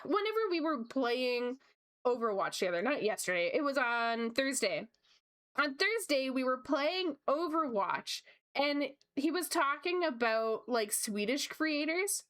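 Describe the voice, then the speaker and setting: A young woman chatting casually as she draws on a livestream, bubbly and gushing with quick asides. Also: high-pitched, animated, fairly bright tone. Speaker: streamer. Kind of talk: casual chat while drawing.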